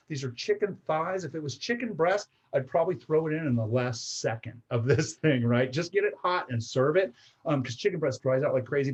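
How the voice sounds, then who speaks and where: A man hosting a live home cooking show, chatting casually as he explains each step and often checking in with "right?" and "okay?". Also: a little high. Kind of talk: live-streamed cooking demonstration. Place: home kitchen.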